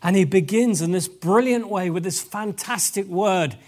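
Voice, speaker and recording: A man preaching a lively sermon, animated and exclamatory, addressing the audience directly. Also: high-pitched, moderate pace. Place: event hall with tables.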